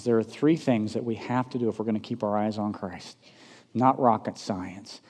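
A man preaching a sermon, swinging from loud emphatic peaks down to soft low asides and asking the congregation rhetorical questions. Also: moderate pace. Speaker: pastor. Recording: long reverb of a large hall.

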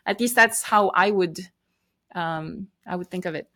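A woman's voice: fairly low pitch, unhurried, bright, forceful tone. A middle-aged woman speaking as a guest in a faith interview, reflective and earnest, often restarting her sentences.

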